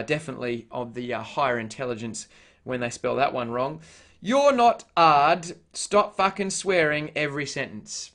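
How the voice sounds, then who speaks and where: Aussie guy vlogging, kinda high voice, swears constantly, lots of uhs. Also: fairly bright tone. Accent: Australian. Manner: blunt and heavily profane, with many "uh" fillers. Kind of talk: casual vlog chat.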